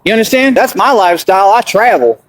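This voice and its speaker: A man's voice: high voice, expressive, fast talker, slight background noise. A man delivering a boastful, confrontational street rant, repeating himself and taunting his critics. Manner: swaggering, confrontational, repetitive.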